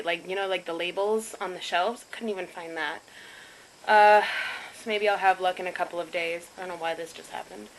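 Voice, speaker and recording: A woman's voice: lowish voice, bright, forceful tone, slight background noise, low-quality recording. A woman chatting casually in a diary vlog, rambling with filler words and poking fun at herself, first outdoors and then at home. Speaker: vlogger.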